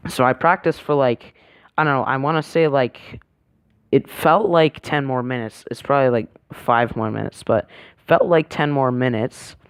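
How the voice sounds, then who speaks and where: A man's voice: mid-range voice, normal speed, smooth, no room sound, studio quality. A man casually telling a vlog story, rambling and hesitant, full of fillers and self-corrections. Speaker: vlogger.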